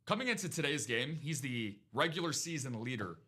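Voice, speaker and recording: A man's voice: medium pitch, expressive, fairly quick, bright, forceful tone. A man hosting a live sports card break, chatting casually about football and hyping deals to viewers in an upbeat way. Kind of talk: casual sports chat and sales pitch.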